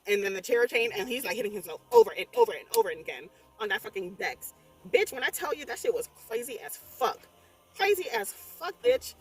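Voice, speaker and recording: A young adult woman recapping a horror movie in a casual, rambling way, animated and swearing constantly as she exclaims through the story. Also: on the high side, breathy edge, recorded from a distance. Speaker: movie reviewer. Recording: voice a bit off-mic, faint music behind.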